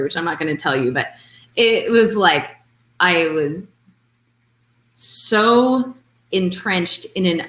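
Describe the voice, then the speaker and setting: A woman's voice: mid-range voice, a bit bright, echoey room. A woman coach chatting casually on a live video call, rambling and acting out quoted exchanges. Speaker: intuitive life coach.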